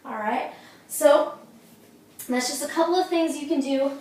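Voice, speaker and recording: A woman's voice: high voice, a little slow, a little mellow. A woman fitness instructor at home demonstrating exercises, upbeat and coaching, out of breath. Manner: upbeat, coaching, says "okay?" and "you guys" often. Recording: echoey room from far off.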